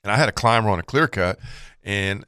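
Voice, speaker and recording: A man with a fairly low voice tells a rambling hunting story on a talk show. He acts out the back-and-forth of the people in it as he goes. The sound is close and dry, with no room echo. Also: brisk, clear, resonant tone. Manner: animated storyteller, acts out quoted exchanges. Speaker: fishing show co-host. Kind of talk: casual storytelling.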